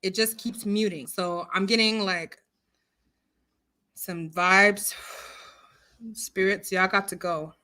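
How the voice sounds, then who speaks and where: A woman hosting a casual livestream, loud and expressive, greeting her viewers by name in a chatty way. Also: mid-range voice, takes it slowly, pauses often. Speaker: livestream host. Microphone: computer mic, streaming software.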